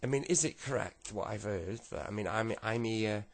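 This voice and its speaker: A man playing a male police officer who talks calmly and coaxingly, urging someone to relax. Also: on the low side, normal speed. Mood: brisk. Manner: reassuring, coaxing.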